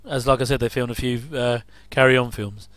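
A man talks loosely through a casual commentary, drifting between remarks and little chuckles. His voice is smooth and clear at a middling pitch. The sound is dry and close, with no room around it. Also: fairly even intonation, fairly quick, fairly bright tone, dry recording. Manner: rambling, chuckling asides.

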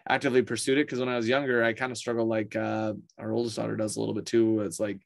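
A man's voice: fairly low pitch, quick pace, vocal fry. A man talking as an interview guest in rambling, casual conversation over a video call. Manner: rambling, animated storyteller.

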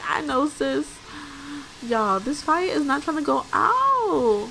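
Young woman host, casual game commentary, slightly high voice, unhurried delivery, chatty and exclamatory, talks to viewers directly. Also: sing-song, creaky, pushed and bright, slight background noise. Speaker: let's play host.

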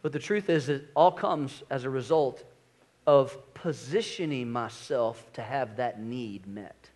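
A middle-aged man preaching a sermon in church, energetic, swinging between loud emphasis and quiet low asides. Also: unhurried. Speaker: pastor. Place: church sanctuary.

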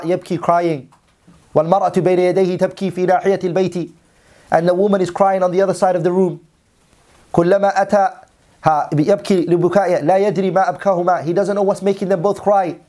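A man's voice: high voice, darkish tone. A man teaching a religious story as a sermon, reading Arabic passages and then translating and repeating them in English. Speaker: Islamic teacher.

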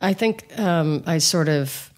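A woman's voice: sits low, slow, darkish tone. A woman guest and coach on a podcast, talking frankly and with animation, with many fillers. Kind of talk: casual conversation.

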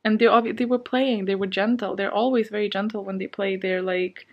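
A woman's voice: mid-range voice, steady tone, brisk, dull audio. Shaken woman vlogging from bed. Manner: rambling with many fillers and nervous laughs. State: shaken and anxious. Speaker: book vlogger. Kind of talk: casual vlog chat. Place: at home, sitting in bed.

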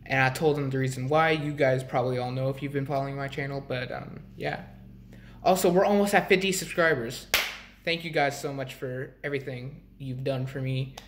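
A young man talking casually to his vlog viewers, rambling with restarts and frequent throat clearing. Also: medium pitch, fairly even intonation, fairly quick, slight background noise. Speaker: vlogger.

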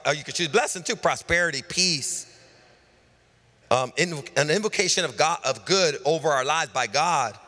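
A middle-aged man preaching a sermon as pastor, piling up lists and swinging between loud calls and hushed asides. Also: a little high. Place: large church hall. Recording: live church sermon with long hall reverb.

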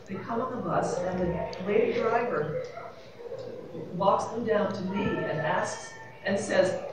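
A woman's voice: mid-range voice, slow pace, noisy background. A woman, a panelist telling a rambling, wry anecdote with laughs. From New York City. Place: convention panel room, echoey. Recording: echoey room from far off, audience murmur.

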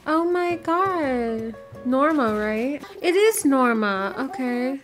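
A young woman giving casual game commentary, blunt and dramatic, with frequent swearing. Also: on the high side. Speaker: gaming vlogger. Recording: faint music behind.

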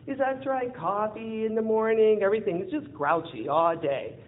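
A woman speaker at a live event, telling a personal story in an animated way, acting out the dialogue and laughing often. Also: mid-range voice, normal speed. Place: event venue in front of an audience. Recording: tinny phone-like lo-fi audio with faint hiss.

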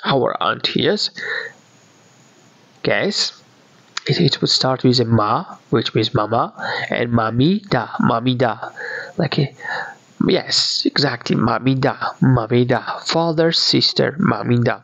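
Man, Georgian accent, patient teacher, repeats every word, slow, dull lo-fi sound. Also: medium pitch, animated, gravelly, a bit bright, dry recording. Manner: patient, repeats words many times. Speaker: language teacher. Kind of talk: slow beginner language lesson. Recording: dull, dry lo-fi audio.

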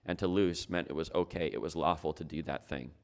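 A man's voice: extremely low pitch, brisk, gravelly. A man preaching a sermon as pastor, talking it through in a conversational way and asking his listeners rhetorical questions.

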